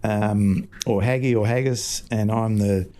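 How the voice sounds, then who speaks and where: A man in his sixties with an Australian accent, a fish market owner telling relaxed stories in a casual interview. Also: on the low side, unhurried. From Scotland. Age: 60s. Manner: relaxed anecdotal storytelling.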